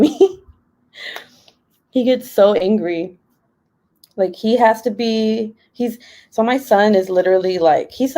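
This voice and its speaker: A young woman talks into her laptop from home, casual and rambling. Her voice is warm and mellow, and she laughs easily between her "like"s. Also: medium pitch. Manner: chatty, many "like" fillers, laughs often. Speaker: live stream host. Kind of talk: casual chat while crafting.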